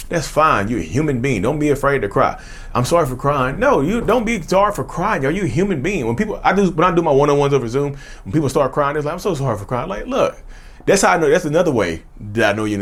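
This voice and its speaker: A man hosting a mental health channel, talking straight to his viewers. He keeps asking how they feel and often says "y'all.". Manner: lively pitch swings, slows right down on questions. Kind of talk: direct-to-camera talk.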